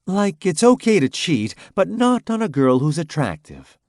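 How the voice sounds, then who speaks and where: A man's voice: high-pitched, big pitch swings, a little slow, a little mellow, no echo, studio quality, pitched above the performer's own voice, full character voice. A man voicing a sassy nineteen-year-old young woman in an audiobook, with a tart, teasing way of talking. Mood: scoffing.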